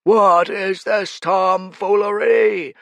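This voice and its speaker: A man voicing a furious male demon king who roars his contempt in a raised, high-pitched voice, for an audiobook. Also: very animated, measured pace, bright, forceful tone, no echo, exaggerated voice. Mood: roaring. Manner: roaring, contemptuous.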